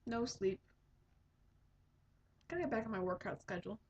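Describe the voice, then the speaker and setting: A woman's voice: medium pitch, animated, normal speed, darkish tone, slightly rough. A woman in her twenties hosting a podcast, chatting in a rambling way with lots of ums. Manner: rambling, chatty, many fillers. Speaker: podcast host. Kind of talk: casual chat. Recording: dull lo-fi home recording.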